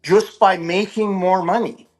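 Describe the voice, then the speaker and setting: A man's voice: sits high, fairly even intonation, measured pace, faint music behind, poor audio. A man in a heated debate who keeps pressing his point and talks over the others.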